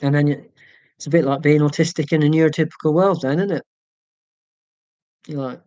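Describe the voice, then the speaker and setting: A man's voice: a little high, fairly even intonation, a little fast, long pauses, mellow, no echo, muffled recording. A man hosting a casual livestream from home, reading viewer comments in a chatty, rambling, self-deprecating way. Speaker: YouTube channel host.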